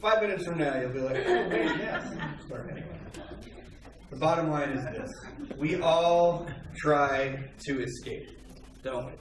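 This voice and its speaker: A man preaching a sermon to his church, opening with jokes and an animated story. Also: on the high side, recorded from a distance, slight background noise. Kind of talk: sermon with light humor. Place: church hall. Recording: very echoey hall, picked up from afar.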